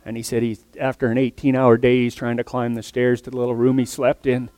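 A man's voice: medium pitch, monotone, fairly quick, no room sound. Earnest male preacher, dry sound. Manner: earnest, swings from loud emphasis to soft near-whispers. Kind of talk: sermon.

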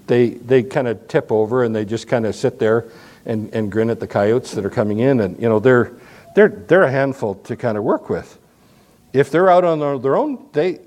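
Brief: male pastor, sermon delivery, animated and folksy, chatty asides, mid-pitched voice. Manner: animated, conversational preaching with restarts and folksy asides.

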